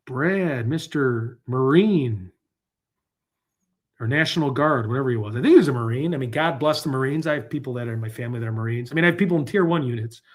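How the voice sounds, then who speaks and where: A man's voice: mid-range voice, racing, few pauses. A man hosting a casual live stream, rambling and talking to his viewers while he searches online. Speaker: livestream host. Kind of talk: casual livestream chat.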